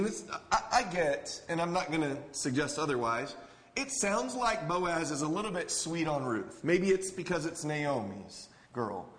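Guy pastor giving a sermon, kinda higher voice, chatty but earnest, long echo off the hall. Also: fairly bright tone. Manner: conversational and earnest, with casual asides.

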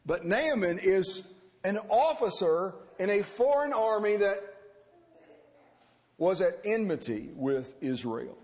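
High-voiced guy preaching, really animated, big church echo. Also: takes it slowly. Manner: animated, acts out quoted characters. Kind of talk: expository sermon. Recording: reverberant hall.

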